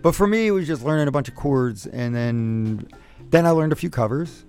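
A man's voice: a little high, lively intonation, normal speed, a little mellow, clear, resonant tone, soft background music. A man hosting a call-in radio advice show, giving friendly advice in a rambling, self-correcting way. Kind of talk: casual call-in chat.

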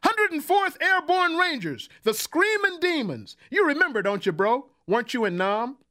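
A man voicing a loud, boastful army veteran who shouts a barroom chant. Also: extremely high pitch, sing-song, normal speed, voice pushed up, heavily acted. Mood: boisterous.

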